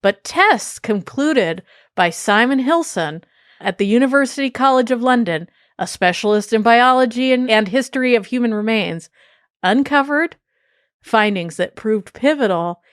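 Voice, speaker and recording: A chatty woman hosting a podcast, speaking at a medium pitch. She talks loosely, with fillers, swearing and laughing asides. The recording is very dry and close. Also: dry recording. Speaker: podcast host. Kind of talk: casual podcast chat.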